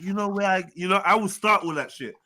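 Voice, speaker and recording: A man chatting on a casual online panel, animated and quick to slip into playful voices. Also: sits high.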